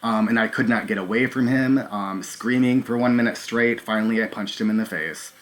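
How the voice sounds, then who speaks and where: A man hosting a live stream, talking straight to his viewers in a halting, nervous way with many filler ums. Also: lowish voice, fairly bright tone. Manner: talks to viewers directly. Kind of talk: live stream recounting events.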